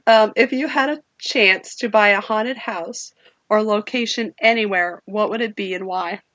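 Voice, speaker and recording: A woman's voice: medium pitch, unhurried, fairly bright tone, dry recording. A woman co-hosting a podcast, reading listener questions in casual chat. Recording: slightly dull dry sound.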